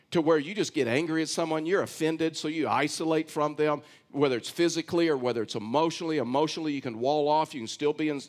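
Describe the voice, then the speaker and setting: Man, pastor, sermon, slightly high voice, emphatic, repeats phrases, scripture reading with commentary. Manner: emphatic preaching, repeats phrases, often says "listen"; reads scripture aloud, then comments on it.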